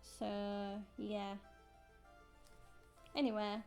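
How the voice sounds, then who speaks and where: A woman's voice: mid-range voice, fairly even intonation, slow, darkish tone, soft background music. A young woman streaming a game, chatting in a rambling, distracted way into a headset. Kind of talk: casual gameplay chat.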